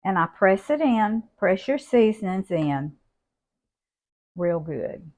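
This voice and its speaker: An older woman, showing a home cooking recipe in a folksy, unhurried way from her kitchen. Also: mid-range voice, lively intonation, darkish tone. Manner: folksy, unhurried, homey talk. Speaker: cooking channel host.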